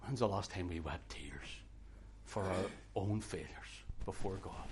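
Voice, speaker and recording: A man preaching a sermon with passion, moving from hushed, quiet passages to loud, urgent outbursts. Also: low voice, expressive, measured pace. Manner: impassioned, swings from hushed to shouting.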